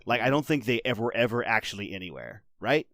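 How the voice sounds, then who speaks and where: A man's voice: medium pitch, expressive, fast, fairly bright tone, no echo, clean studio sound. A man co-hosting a podcast in casual chat, mostly chiming in with short agreeing remarks. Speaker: podcast co-host.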